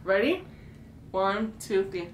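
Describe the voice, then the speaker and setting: Blunt, laughing young woman, animated. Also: medium pitch, slow. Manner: laughing, self-deprecating, blunt. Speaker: vlogger. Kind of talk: casual chat. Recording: echoey room with faint hum.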